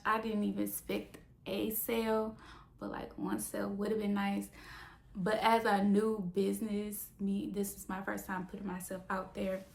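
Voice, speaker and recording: Young woman, casual vlog, animated storytelling, mid pitch, echoey room. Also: gravelly. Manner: animated, mock-dramatic storytelling. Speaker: small business owner. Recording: roomy echo.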